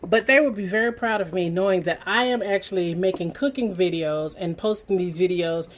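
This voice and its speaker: A woman's voice: lowish voice, a little fast. A middle-aged woman with a Southern US accent, chatting folksily to her viewers as she stirs and cooks in her home kitchen. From Southern United States. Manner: folksy, talks straight to viewers while stirring. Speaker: cooking channel host. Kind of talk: chatty cooking demonstration.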